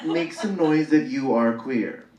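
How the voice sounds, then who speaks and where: A man from the Bay Area doing a live stand-up set, camp and animated, jumping into shrieking high voices for punchlines. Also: measured pace. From San Francisco Bay Area. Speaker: stand-up comedian. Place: comedy stage before a laughing audience. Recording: echoey live room, mic heard from far off, clear crowd noise.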